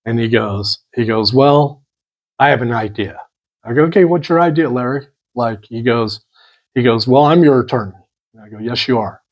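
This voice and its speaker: A man's voice: mid-range voice, normal speed, rough recording. A man, a political candidate, telling a long personal story in a casual, rambling way and acting out the back-and-forth of conversations. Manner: rambling, retells dialogue with "I'm like" and "he goes".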